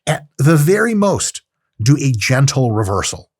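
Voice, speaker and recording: A man's voice: mid-range voice, a little slow, dry recording, clean studio sound. A man giving a casual, profane, joking lecture on lifting technique, often acting out little scenes. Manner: profane, joking, animated, with acted-out asides. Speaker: strength training coach.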